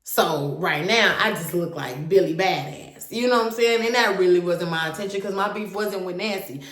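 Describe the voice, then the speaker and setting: A woman's voice: lowish voice, normal speed, fairly bright tone. A young woman animatedly telling her own story to viewers, candid and swearing freely. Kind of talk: casual storytime monologue. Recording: roomy echo.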